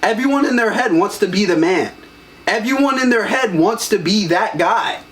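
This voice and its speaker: Preachy young male co-host, slightly high voice, very animated. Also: moderate pace. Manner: preachy, blunt, swearing. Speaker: podcast co-host. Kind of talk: casual chat.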